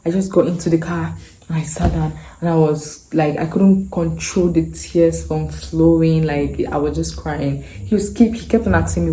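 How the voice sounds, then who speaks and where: A woman's voice: on the low side, normal speed, warm tone. A woman, earnestly telling a personal story to camera and repeating phrases for emphasis. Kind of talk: casual storytelling. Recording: echoey room.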